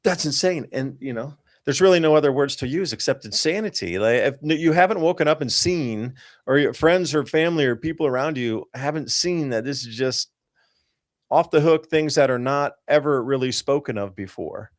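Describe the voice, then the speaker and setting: A man hosting a talk show, talking through weather charts in an excited, emphatic and rambling way. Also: mid-range voice, normal speed, no room sound, studio quality. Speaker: host.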